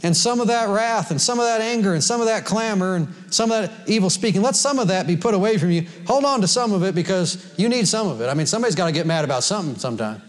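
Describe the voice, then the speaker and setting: A man's voice: high-pitched, expressive, fast talker, few pauses. A man preaching a sermon to a congregation in a folksy way, laughing often and quoting scripture. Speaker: pastor. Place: church sanctuary before a congregation.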